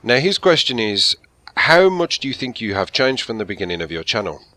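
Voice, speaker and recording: A man's voice: fairly low pitch, big pitch swings, fairly quick, bright, forceful tone. A man with a Birmingham accent, chatting candidly and rambling through a casual Q&A as a gaming channel host. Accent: Birmingham (Brummie). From England. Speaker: YouTube gaming commentator. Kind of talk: casual Q&A chat. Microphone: gaming headset.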